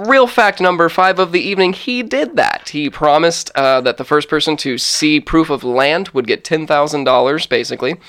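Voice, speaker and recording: A man's voice: fairly high pitch, expressive, normal speed, few pauses, a bit bright, clean tone. A young man narrating and running an improvised tabletop game, rambling and joking with many restarts. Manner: rambling, jokey, frequent restarts.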